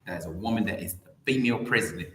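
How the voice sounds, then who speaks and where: A man hosting his own channel, delivering a rambling satirical rant with theatrical swoops in pitch and words repeated over and over. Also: rapid-fire, a bit bright, roomy sound, a little hiss or hum, low-quality recording. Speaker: YouTube channel host.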